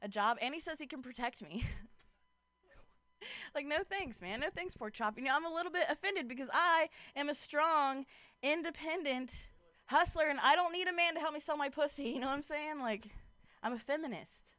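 A woman's voice: high-pitched, brisk, bright, forceful tone, dry recording. A young woman doing a casual stand-up set outdoors on a street corner, chatting with passers-by and laughing between jokes. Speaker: stand-up comic.

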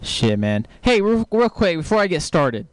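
A man from Texas doing stand-up, delivering deadpan one-liners and breaking into sudden shouts. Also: high-pitched, moderate pace, clean tone. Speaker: stand-up comedian. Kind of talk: stand-up comedy set.

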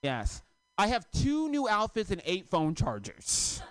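A man in his thirties from Florida doing a stand-up comedy set on a club stage, telling stories in an animated, profane, self-mocking way. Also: high voice, a little slow, dry recording. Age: 30s.

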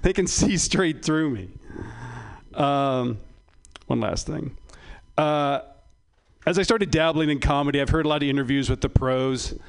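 Male comic, dry and self-mocking, a touch higher-voiced than most men. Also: a little slow, creaky, clear, resonant tone. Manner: dry, self-deprecating delivery. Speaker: stand-up comedian. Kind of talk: stand-up comedy set.

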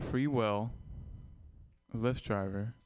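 A man's voice: lowish voice, steady tone, very slow, a little mellow, dry recording. A young Vietnamese-born man doing a stand-up set, wry and self-mocking, rambling into asides to the crowd. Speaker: stand-up comedian.

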